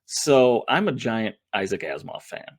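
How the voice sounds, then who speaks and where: A man co-hosts a chatty gaming podcast, his voice swooping widely as he talks. He gets heated and ranty quickly, with his pitch climbing whenever he is worked up. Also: husky. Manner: excitable, ranting, swings up in pitch when worked up. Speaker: podcast co-host. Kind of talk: casual podcast chat.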